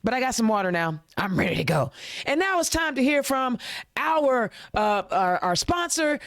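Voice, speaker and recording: A woman's voice: fairly high pitch, dry recording, studio quality. A woman from Indiana hosting a political podcast, ranting emphatically with rhetorical questions and casual slang, then reading sponsor plugs and introducing her guests. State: a little choked up. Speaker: podcast host. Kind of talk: impassioned political rant and show hosting.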